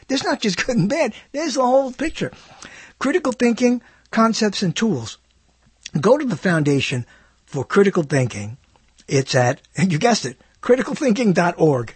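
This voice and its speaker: An older man hosting a radio talk show, rambling through an animated on-air monologue with laughs and self-interruptions, seated in a studio. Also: high voice, slightly rough, dry recording.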